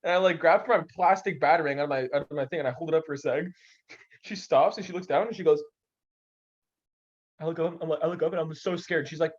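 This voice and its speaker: Slightly high-voiced and fast-talking, a young man tells lively stories in a relaxed podcast conversation, performing the voices of the people in them. The recording is lo-fi and a bit dull.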